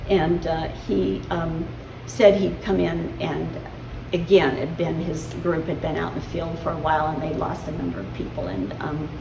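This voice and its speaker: A woman in her seventies, a veteran recounting memories in an interview, in a halting way with many fillers. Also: on the low side, creaky. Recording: roomy, distant mic, ambient noise.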